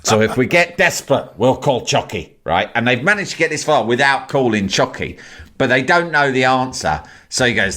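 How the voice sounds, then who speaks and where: Male storyteller, conversational, mid-pitched, animated and profane, acts out the people he quotes. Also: normal speed. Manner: animated, swears freely, lively quoted voices. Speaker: storyteller in a chat. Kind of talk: casual anecdote telling.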